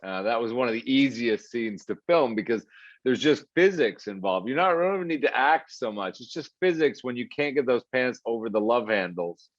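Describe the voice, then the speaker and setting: A man being interviewed as an actor, laughing often and poking fun at himself in a relaxed, jokey way. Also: mid-range voice, dry recording. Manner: laughing, self-mocking, jokey. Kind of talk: casual interview chat. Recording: muffled lo-fi sound.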